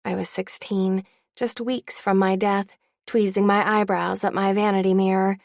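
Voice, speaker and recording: A woman's voice: medium pitch, flat delivery, normal speed, vocal fry, a little mellow, no echo, studio quality. A woman narrating an audiobook in the first person with a wry, candid tone.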